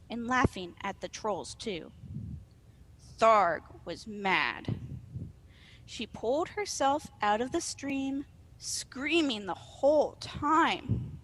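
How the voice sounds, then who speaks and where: A woman reading a children's story aloud in an expressive, playful way. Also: fairly high pitch.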